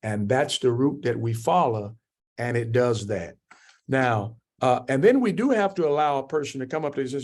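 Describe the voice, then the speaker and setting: A man's voice: lively intonation, moderate pace, darkish tone. An older man teaching a church class on anger, preaching and answering questions from the group. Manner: preaching, acts out quoted speakers with rising pitch.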